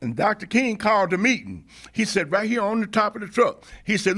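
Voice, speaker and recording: A high-pitched older man recounting events as an interview guest. His storytelling is impassioned and oratorical, with frequent hesitations and restarts. It builds into the rhythm of a rally speech. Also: sing-song, a little fast, few pauses, fairly bright tone. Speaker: interview guest, veteran activist. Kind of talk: oral history storytelling.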